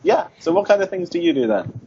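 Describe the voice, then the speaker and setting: A man's voice: sits high, fast, mellow, slight background noise. A young British man, a guest on a voice-acting podcast, joking in a dry, absurd way over an online call. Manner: playful, dry absurd humor. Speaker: guest voice actor. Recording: dull lo-fi call audio.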